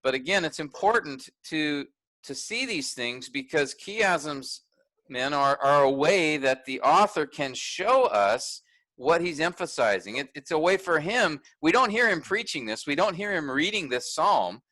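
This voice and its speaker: A man's voice: fairly high pitch, lively intonation, a little slow, bright, forceful tone, dry recording, low-quality recording. A man teaching a graduate workshop in a conversational way, thinking aloud with restarts and fillers.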